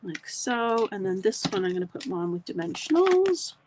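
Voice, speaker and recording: A middle-aged woman talks her live viewers through a craft project, chatty and relaxed. Her voice sits in the middle range. A faint hiss lies under the recording. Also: medium pitch, moderate pace. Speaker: crafting demonstrator. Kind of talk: casual live crafting tutorial.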